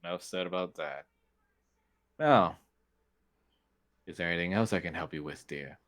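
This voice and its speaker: A man's voice: deep voice, moderate pace, a bit bright. A man voicing a genial, slyly amused male crime boss in a tabletop game. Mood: guarded.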